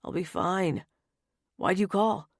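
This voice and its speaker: A woman's voice: fairly low pitch, slow pace, no room sound, studio quality. A woman voicing a young mafia man who stays cheerful and blasé, in an audiobook. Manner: blasé, cheerful under fire. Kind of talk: audiobook character voice.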